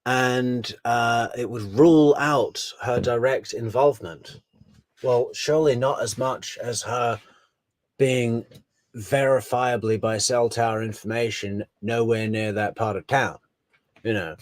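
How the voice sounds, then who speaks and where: A man's voice: medium pitch, fairly even intonation, measured pace, no room sound. A man hosting a live stream, commenting on a trial in a casual, sarcastic and exasperated way and reading out viewer comments. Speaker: livestream host commenting on a trial.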